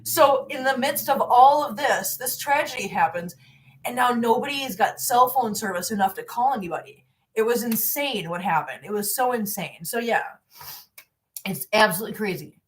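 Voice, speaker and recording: A woman's voice: a little high, animated, normal speed, a little hiss or hum. A woman around sixty, chatting on a live stream from her home in a rambling, heartfelt way, and cooing baby talk at her cats. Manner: rambling, heartfelt, repeats herself. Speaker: cat-channel host. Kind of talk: casual live-stream chat.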